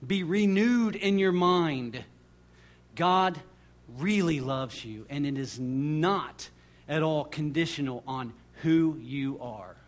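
A man with a fairly high-pitched voice delivers a sermon as a pastor. He reads scripture with deliberate, slowed emphasis and swings between fervent, loud declarations and quiet, intimate asides. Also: animated. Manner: reads scripture aloud with deliberate slowing on key words.

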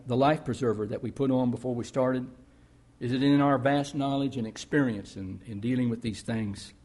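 Male pastor, husky mid voice, conversational storytelling sermon. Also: medium pitch, warm tone. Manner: storytelling, conversational preaching with emphatic rises.

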